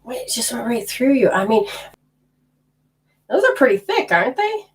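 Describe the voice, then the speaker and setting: A middle-aged woman teaching energy healing in a loose, blunt way, with a casual curse here and there. Her pitch sits a little high and swings widely, very animated from phrase to phrase. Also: normal speed. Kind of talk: casual teaching talk to a group.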